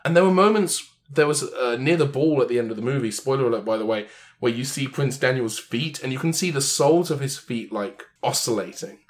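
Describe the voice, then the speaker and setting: A man co-hosting a relaxed podcast, his voice at an everyday middle pitch. He riffs and jokes his way through tangents in loose, casual chat. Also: fairly quick. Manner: joking, riffing on tangents. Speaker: podcast co-host.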